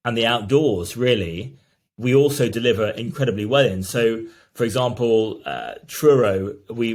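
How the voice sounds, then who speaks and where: A man, a brand founder, explaining his business earnestly as an interview guest. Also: medium pitch. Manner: earnest, explanatory, many restarts.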